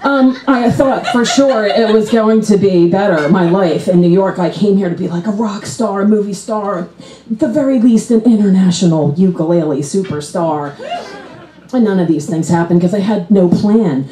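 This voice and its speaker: A woman's voice: normal speed, echoey room, a little hiss or hum, rough recording. A woman performing a stand-up comedy set on a club stage, acting out the people in her stories with big jumps in her voice. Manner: animated, acts out characters with big pitch jumps.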